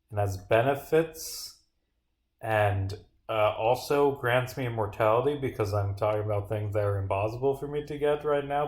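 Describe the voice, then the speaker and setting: Young male streamer, middle pitch, rambling and sarcastic, swears a lot, roomy echo. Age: young adult. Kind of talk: casual livestream commentary while gaming.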